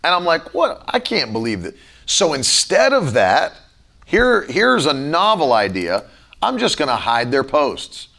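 A man's voice: a little high, sing-song, unhurried, gravelly, bright, forceful tone. A man preaching a conversational sermon, acting out his own irritated thoughts as he goes. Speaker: pastor.

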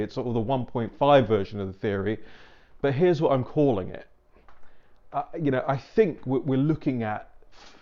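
British male commentator, casual wry monologue, dull recording, mid pitch. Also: darkish tone. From Britain. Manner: rambling, wry asides. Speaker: political commentator.

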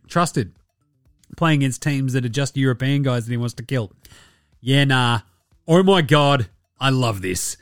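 A man's voice: mid-range voice, moderate pace, no room sound, studio quality. An Australian man hosting a basketball podcast, in casual, profane and rambling commentary. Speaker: podcast host.

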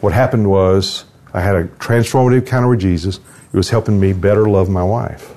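A man's voice: sits low, fairly even intonation, a little fast, dark tone. An older man giving an earnest devotional talk at a conference, telling a personal story and closing in prayer. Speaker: conference speaker. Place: conference hall.

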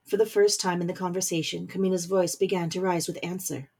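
A woman reading a story aloud as narrator, in measured scripted narration. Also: lowish voice, steady tone, vocal fry, darkish tone, breathy edge.

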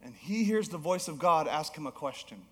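A male pastor preaching a sermon, telling a story with animated swings between emphatic peaks and low, soft passages. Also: a little fast. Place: church auditorium. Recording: long hall reverb.

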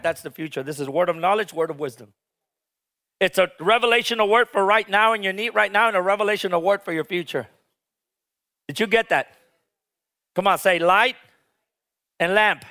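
Male pastor, high clear voice, fervent call-and-response sermon delivery. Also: pushed and bright. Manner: call-and-response preaching, urging the congregation to repeat; passionate, rises to emphatic peaks.

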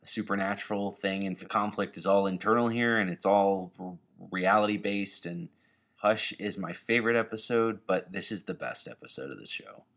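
A man on a podcast telling an animated personal story, swearing casually. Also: deep voice, normal speed.

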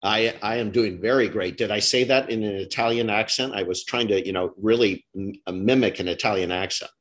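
A middle-aged man hosts a podcast in a casual interview chat, his voice on the low side, fairly quick, and a bit bright. He talks in long, rambling stretches, restarting and correcting himself along the way.

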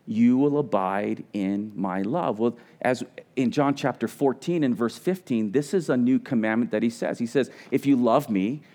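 A man's voice: medium pitch, a little mellow. A middle-aged man preaching a sermon as pastor, earnest and conversational, often restarting his words.

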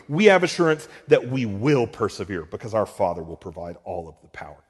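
A pastor preaching a sermon, swinging between loud emphatic lines and hushed ones. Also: male voice, mid-range voice, fairly quick, few pauses, husky, big-room sound.

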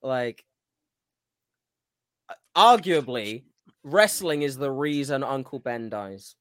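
A man's voice: medium pitch, takes it slowly, no echo, clean studio sound. A man co-hosting a casual wrestling chat livestream, rambling with many restarts. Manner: rambling, restarts, animated impressions. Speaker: podcast co-host.

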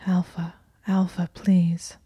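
A woman's voice: on the low side, completely flat delivery, takes it slowly, mellow, husky, dry recording, heavily acted. A woman whispering as a pleading flustered young woman. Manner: sobbing, strained whisper. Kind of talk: whispered role-play.

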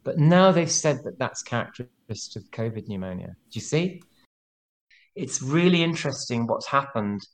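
A man in his sixties, a former nurse and researcher, speaking as an interview guest in an animated, insistent way, his voice rising as he gets worked up. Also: medium pitch, moderate pace. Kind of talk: conversational interview.

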